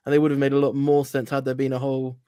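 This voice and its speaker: Relaxed, thoughtful male guest. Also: medium pitch, very fast, smooth, no echo, studio quality. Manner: relaxed, thoughtful, many ums. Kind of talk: casual livestream chat.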